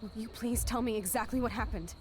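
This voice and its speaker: A woman's voice: a little high, fast, slight background noise, lightly acted. A woman voicing a brash, hot-headed punk teenage girl in a video game, talking in a profane, confrontational way.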